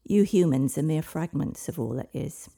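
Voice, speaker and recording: A woman voicing an ancient dragon speaking through a child, solemn and aloof, in a breathy, gravelly low voice. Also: normal speed, warm tone, heavily acted.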